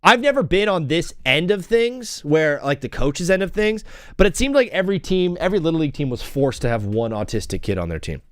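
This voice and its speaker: Animated young man rambling on a live stream. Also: on the high side, fairly quick, no room sound, clean studio sound. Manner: rambling, animated storytelling with chanted cheers. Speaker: host. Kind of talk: casual live-stream chat. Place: home.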